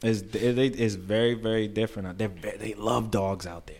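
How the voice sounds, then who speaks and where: A man's voice: on the low side, fairly even intonation, fairly quick, darkish tone. A man from Brooklyn with a New York accent, chatting animatedly as a podcast guest and laughing often. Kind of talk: casual podcast chat.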